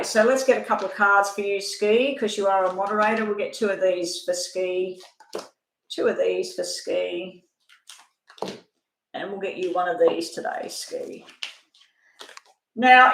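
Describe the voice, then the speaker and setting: An older woman chats her way through a live tarot reading, wandering off topic now and then and sometimes talking with her mouth full. Her voice sits at a middle pitch, and the room around her is noticeably echoey. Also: a bit bright. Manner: chatty, rambling, talks while eating. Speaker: tarot reader.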